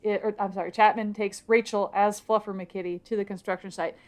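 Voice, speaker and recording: A woman co-hosting a casual podcast, retelling a book's plot and slipping into quick quoted voices. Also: mid-range voice, steady tone, a little mellow. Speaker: podcast co-host. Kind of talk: casual book recap chat.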